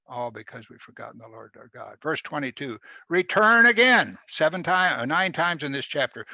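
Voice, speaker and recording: A man preaching a sermon, reading scripture aloud with loud emphatic rises and dropping to quiet asides. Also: on the high side, no room sound. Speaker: pastor. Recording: dull lo-fi sound.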